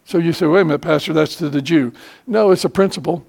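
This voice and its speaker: Older male pastor, a touch high in pitch, preaching in an easy, halting style that swells into emphasis. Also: vocal fry, a little mellow, slightly rough. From United States. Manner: conversational preaching, frequent filler pauses, emphatic rises. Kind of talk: sermon.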